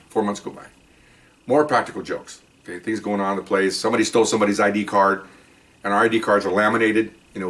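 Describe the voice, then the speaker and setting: Fast-talking man telling old work stories. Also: lowish voice, distant mic. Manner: animated, rambling, acts out quoted voices. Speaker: podcast host telling police stories. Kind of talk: casual storytelling.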